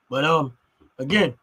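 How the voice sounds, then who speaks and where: A man's voice: on the high side, creaky, slightly rough. A man co-hosting a podcast in casual chat, rambling and filling with "you know what I mean". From Philadelphia. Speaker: podcast co-host.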